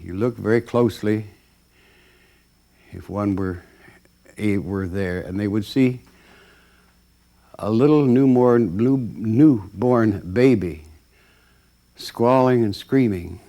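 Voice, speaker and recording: A man's voice: fairly low pitch, slow, pauses often. A man giving a storytelling talk, acting out the voices of the people in it, with plenty of ums and uhs. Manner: animated, acts out voices, many fillers. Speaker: lecturer.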